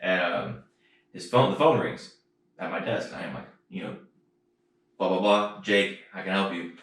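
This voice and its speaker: A man telling a work story in casual, profane, animated chat on a podcast. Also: deep voice, normal speed. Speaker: podcast co-host. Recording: roomy echo, distant mic.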